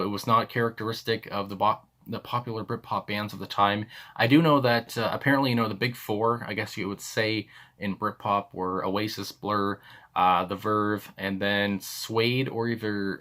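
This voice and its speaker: A man with a Canadian accent hosts a music reaction channel, offering rambling, casual commentary packed with fillers and chuckles. His pitch is fairly low and his tone sharp.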